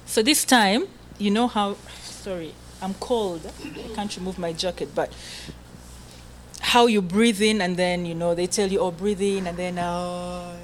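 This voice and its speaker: Woman running choir breathing drills, counting out loud, keeps saying okay, bit of room hum behind her. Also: mid-range voice, low-quality recording. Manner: coaxing, checks in often with "okay?"; counts aloud and gives short commands. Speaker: choir vocal coach. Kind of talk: group breathing and singing lesson.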